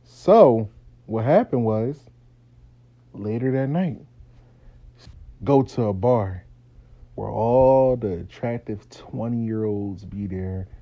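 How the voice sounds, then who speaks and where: A man in casual comedic storytelling, slangy and animated, telling a story as a spiritual worker. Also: lowish voice, slow pace, pauses often, lo-fi sound. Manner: slangy, animated retelling, acting out both sides.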